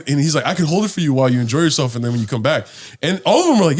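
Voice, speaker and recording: Male podcast co-host, swears a lot while animatedly telling stories, pitched slightly high. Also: racing. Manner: animated storyteller, acts out quotes, swears freely. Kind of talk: casual chat.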